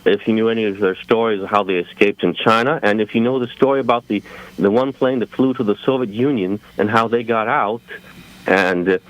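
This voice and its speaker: A man's voice: on the low side, dull audio. A man calling into a radio show while under the weather, friendly and rambling with many fillers. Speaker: caller.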